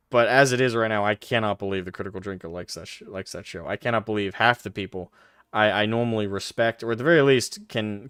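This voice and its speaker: A man's voice: fairly low pitch, a bit bright, clean tone, no echo, clean studio sound. A young man chatting casually on a live stream, reading and answering chat with frequent laughs and casual swearing. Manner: laughs often, self-deprecating, swears casually.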